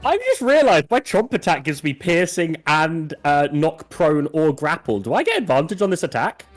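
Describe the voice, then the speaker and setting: Eager tabletop player, animated voice. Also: medium pitch, normal speed, soft background music. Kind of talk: playing a tabletop game.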